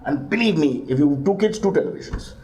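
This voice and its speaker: A middle-aged man, a comedian answering parenting questions with deadpan jokes and sudden mock voices. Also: fast talker. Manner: deadpan comic asides, jumps to high mock voices. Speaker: guest comedian.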